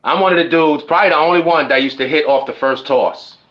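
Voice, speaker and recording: A man's voice: a little high, fast talker. A man co-hosting a casual podcast, talking in a laid-back way and swearing casually. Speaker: podcast co-host. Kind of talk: casual chat. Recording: dull lo-fi sound.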